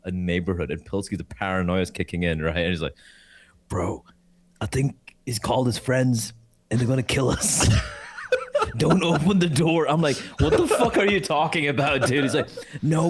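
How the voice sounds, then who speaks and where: Animated man telling a story. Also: normal speed. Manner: animated, swears a lot, acts out voices with high shouts. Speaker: co-host of esports talk show. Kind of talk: casual storytelling chat.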